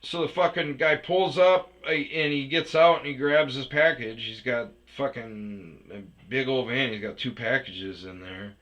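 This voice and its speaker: A man casually telling a profane, animated story about chasing a delivery driver, with yelled reenactments. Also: mid-range voice, unhurried, few pauses. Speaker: storyteller host. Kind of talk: casual ranting anecdote.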